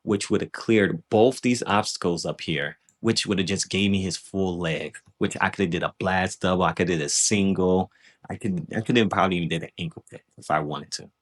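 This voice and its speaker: A man's voice: deep voice, fairly quick. A man casually breaking down footage of his own grappling match, loose and self-critical, often checking in with "right?".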